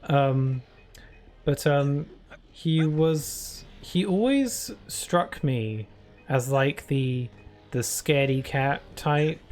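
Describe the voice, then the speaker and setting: A man's voice: medium pitch, a little mellow. A man streaming live, chatting casually through rambling stories full of fillers. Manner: rambling anecdotes with many fillers.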